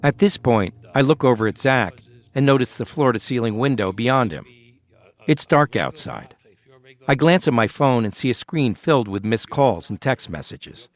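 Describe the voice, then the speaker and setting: A man hosting and narrating a documentary podcast in a measured, scripted storytelling way. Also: mid-range voice, lively intonation.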